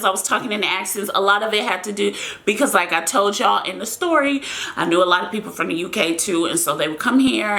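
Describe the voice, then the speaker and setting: A woman's voice: medium pitch, pushed and bright. A young American woman chatting casually to her viewers as she answers their questions in a vlog, rambling and calling them y'all. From United States.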